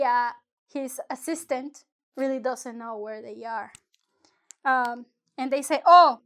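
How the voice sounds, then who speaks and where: A woman's voice: sits high, fairly bright tone. A woman from Mexico, teaching a casual online lesson in a rambling, chatty way with lots of self-corrections. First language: Spanish. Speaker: Spanish teacher.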